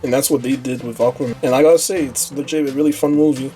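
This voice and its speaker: A man's voice: medium pitch, fairly even intonation, quick pace, dark tone, soft background music. Profane, blunt male movie reviewer. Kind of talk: casual ranting film review.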